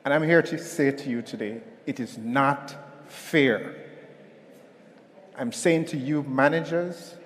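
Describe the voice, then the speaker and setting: A man's voice: medium pitch, takes it slowly, pauses often, slight background noise. A man giving a motivational conference talk, telling a story and calling on the audience to respond, recorded in an echoey hall. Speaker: keynote speaker.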